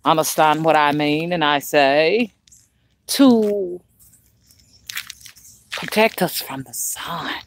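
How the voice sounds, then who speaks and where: A woman's voice: low-pitched, slow, pauses often, a little hiss or hum. A middle-aged woman hosting a casual spiritual live stream outdoors by a dusty street, rambling, greeting viewers by name and talking in folksy slang. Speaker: spiritual livestream host.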